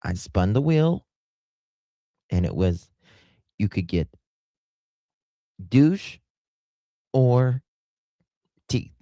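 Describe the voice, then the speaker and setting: A man voicing a brash, rambling woman who pitches gag gifts as a show sponsor. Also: sing-song, drawn-out words, pauses often, warm tone, no room sound, studio quality, exaggerated voice. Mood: chatty. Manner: rambling, blunt.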